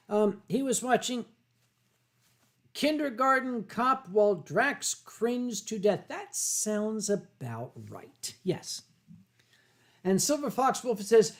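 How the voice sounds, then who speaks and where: A man chatting loosely on a livestream with a drink in hand. He rambles and swears freely, stopping often to clear his throat. He reads viewer comments aloud as they come in. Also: sits high, lively intonation, takes it slowly. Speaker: livestream host. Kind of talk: casual livestream chat while drinking.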